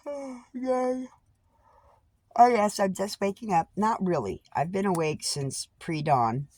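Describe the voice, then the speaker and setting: A woman's voice: animated, normal speed, darkish tone, no room sound. A woman chatting casually to a camera on a tripod at home, blunt and profane, with y'all in her talk. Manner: coos high-pitched baby talk to her pet birds. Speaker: vlogger. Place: at home with pet birds.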